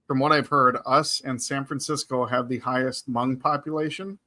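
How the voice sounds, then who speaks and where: A man's voice: medium pitch, fairly even intonation, moderate pace, pushed and bright. A man co-hosting a casual live talk show, chatting with easy enthusiasm. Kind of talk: casual live-stream chat.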